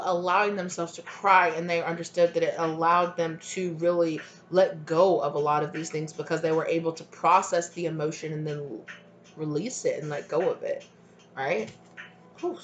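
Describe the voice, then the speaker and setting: A woman's voice: fairly low pitch, slight background noise. A woman giving a channelled tarot reading to camera at home, talking in an emotional, conversational way and filling her talk with "you know" and "right". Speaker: tarot reader. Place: home room.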